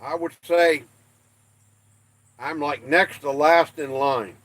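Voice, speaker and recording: An older man from the American West hosts a livestream, chatting with viewers in a folksy, self-deprecating way and reading their comments aloud. His voice is fairly high and fairly bright, with a slow pace and no room sound.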